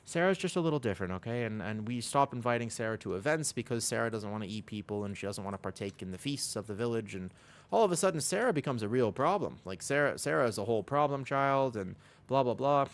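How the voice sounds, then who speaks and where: A man's voice: mid-range voice, expressive, quick pace. A man streaming a game, chatting casually with viewers in a rambling way. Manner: rambling, lots of "like" fillers. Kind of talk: casual livestream chat.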